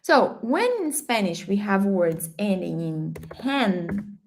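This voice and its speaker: Slow-talking woman teaching language. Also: medium pitch, big pitch swings, vocal fry, a little mellow, a little hiss or hum. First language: Portuguese. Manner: patient, checks in with "okay?" often. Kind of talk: language lesson.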